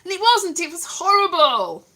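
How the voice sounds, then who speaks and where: A woman's voice: very high voice, normal speed. A woman chatting casually to camera in a playful, silly vlog. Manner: playful, animated, silly asides. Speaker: vlogger.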